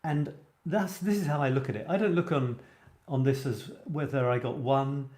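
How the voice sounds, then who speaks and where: A man with a medium-pitched, darkish voice and a moderate pace hosts a live show about writing. He chats casually and reads viewers' comments with enthusiasm, and the audio has a roomy echo.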